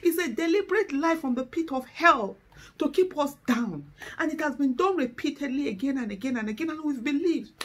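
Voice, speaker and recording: Animated and a little fast, a middle-aged Nigerian woman with a high voice and a Nigerian accent delivers an emotional speech to camera. The activist is fervent, rising to exasperated outbursts, and so tearful she seems on the verge of breaking down.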